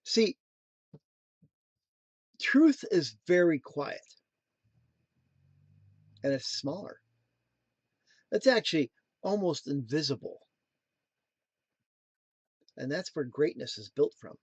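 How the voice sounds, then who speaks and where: A man in his thirties hosts a casual motivational talk, with a high-pitched voice recorded dry and close. He wanders into playful, jokey tangents and then returns earnestly to his message. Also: big pitch swings, takes it slowly, pauses often, breathy edge, dry recording. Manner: playful, jokey asides, sings snatches. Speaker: motivational show host.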